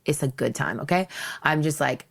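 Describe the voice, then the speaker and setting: A young woman hosts her own podcast with a low voice that often drops into a gravelly fry. She tells a personal story bluntly and theatrically, with plenty of laughter. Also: moderate pace. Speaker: podcast host. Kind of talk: candid storytelling monologue.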